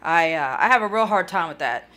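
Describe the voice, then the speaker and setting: Casting note: tired woman, bright forceful voice, rambling live-stream chatter to viewers. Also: fairly low pitch, expressive, fairly quick. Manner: rambling, talks to chat viewers by name. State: tired, yawning. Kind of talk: casual live-stream chat.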